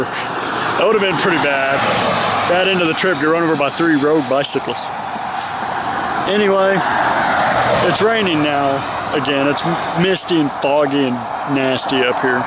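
A man's voice: a little high, moderate pace, very noisy. A man traveling by motorcycle, talking to a handheld camera from a roadside guardrail in the rain, weary and venting as he rambles. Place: roadside guardrail outdoors in the rain, traffic passing. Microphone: handheld camera held close.

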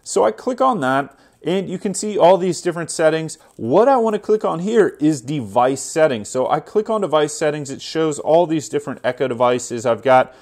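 A man's voice: on the high side, animated, normal speed, hardly any pauses, darkish tone. A man hosting a casual tech tutorial, talking through each step in an easygoing way with frequent fillers. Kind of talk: casual screen walkthrough.

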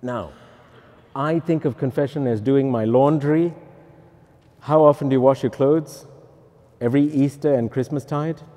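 A male priest addresses pilgrims with a joking, teasing delivery. His voice is mellow and warm, heard with a long reverb from a large hall. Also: mid-range voice, unhurried, long pauses. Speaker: Catholic priest, pilgrim chaplain. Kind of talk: humorous talk to pilgrims.

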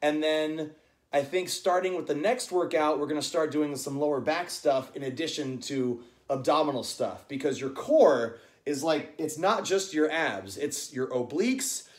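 In an echoey room at home, a man hosts a live-streamed workout, coaching as he chats and calls out rep counts. He talks at a moderate pace in a slightly high voice.

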